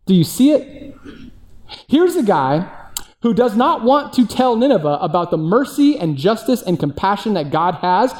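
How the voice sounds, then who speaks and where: Animated male preacher, lively pitch. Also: moderate pace. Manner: animated, rhetorical questions, frequent "right?". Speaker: pastor. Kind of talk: sermon reading and explaining scripture.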